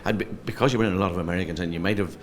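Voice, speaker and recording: A man's voice: deep voice, racing. A middle-aged man from Ireland with a Donegal Irish accent, chatting as a comedian guest in an interview, spinning anecdotes and stumbling over repeated words. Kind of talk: casual interview chat.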